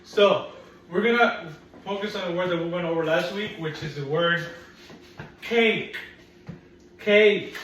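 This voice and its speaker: A woman with a fairly low, slightly bright voice speaks at a moderate pace as she patiently teaches phonics to young children, repeating vowel sounds and teasing that she'll trick them. She's in a classroom, recorded from a distance in an echoey room with faint noise.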